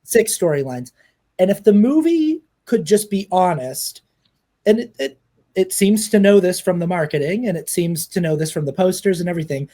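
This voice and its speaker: A man's voice: sits high, animated, moderate pace, mellow. A man co-hosting a podcast and talking through a film review in casual chat, rambling and often restarting his sentences as he retells scenes. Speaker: podcast co-host.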